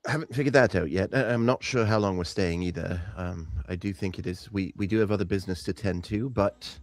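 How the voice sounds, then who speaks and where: A man's voice: deep voice, fairly quick, dry recording. A man playing a vain, charming bard. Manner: charming, stammers on restarts. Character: vain, smooth-talking half-elf bard man. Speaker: player.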